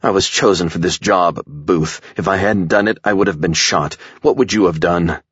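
A man voicing a desperate, educated woman scientist, speaking a little higher and with a pleading tone. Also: normal speed, fairly bright tone, slightly rough, no room sound, highs cut off.

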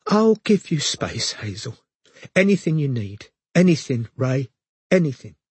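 A man doing a high tearful woman neighbour. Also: sing-song, unhurried, breathy edge, no echo, heavily acted. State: red-eyed, tearful. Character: tearful middle-aged woman neighbour, eager to help.

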